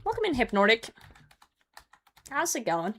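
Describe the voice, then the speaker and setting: With a fairly high, fairly bright voice, huge pitch swings and an unhurried pace, a Norwegian woman chats through a gaming livestream. She speaks English as a second language and swears freely as she answers her chat.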